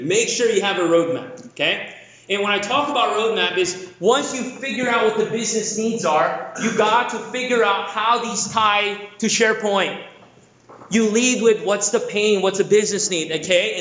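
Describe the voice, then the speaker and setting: Filipino guy doing a keynote, high-ish voice, big echoey hall, kinda muffled. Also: normal speed. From Philippines. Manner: energetic, jokey, asks the audience questions. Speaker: keynote speaker. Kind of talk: conference keynote talk. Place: large conference hall. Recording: echoey hall, dull lo-fi sound.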